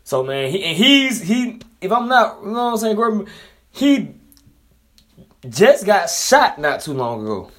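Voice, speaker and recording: Southern man, young adult, freestyle vlog rant: profane, rambling, repeats lines, flips from loud outbursts to low mutters; voice sits a bit high. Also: big pitch swings, measured pace. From Alabama, US. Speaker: vlogger commenting on news. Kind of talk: casual freestyle commentary.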